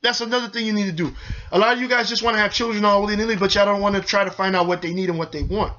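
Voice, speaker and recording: Fast-talking young man. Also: sits high, steady tone, pushed and bright, lo-fi sound. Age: young adult. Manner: preachy, urgent, addresses viewers directly. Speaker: show host. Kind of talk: earnest community advice monologue.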